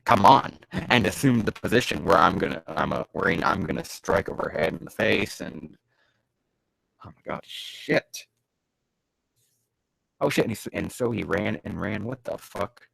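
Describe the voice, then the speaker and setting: A man reading bad fanfiction aloud for comedy, sarcastic and swearing, breaking off into loud bursts of disbelief. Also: deep voice, fairly quick, dry recording, low-quality recording. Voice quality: gravelly.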